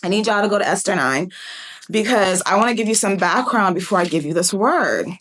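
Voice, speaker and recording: A young woman giving a fast, chatty Bible teaching, playfully acting out the characters as she retells a story. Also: medium pitch, lively intonation, fairly bright tone. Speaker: prophetic teacher.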